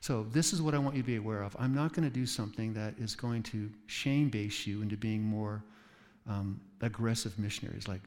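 A man's voice: fairly low pitch, steady tone, fairly quick, darkish tone. Guy preaching a casual story-heavy sermon, west coast sound, hall echo all around. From West Coast of the United States. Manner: conversational storytelling with asides to the audience. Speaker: pastor. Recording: reverberant hall.

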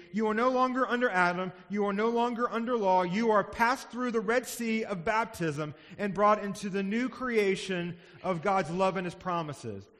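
A man's voice: high voice, fairly bright tone. Earnest preaching man in a reverberant hall. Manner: earnest, builds to emphatic passages. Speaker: pastor. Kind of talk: sermon.

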